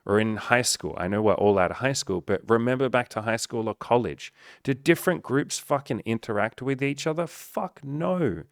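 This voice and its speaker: A man's voice: mid-range voice, lively intonation, moderate pace, dry recording, studio quality. Blunt, profane male dating coach. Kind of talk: motivational monologue.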